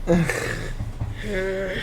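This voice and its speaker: A game master narrating a tabletop game in a relaxed, hesitant way with many fillers, recorded in an echoey room with faint noise. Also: medium pitch, drawn-out words.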